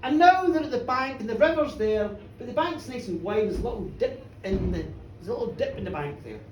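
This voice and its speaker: Lively high-voiced woman telling a story. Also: a little fast, background noise. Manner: lively, chatty, checks in with listeners. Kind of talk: live storytelling to an audience. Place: pub, indoors, live show. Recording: roomy pub from far off.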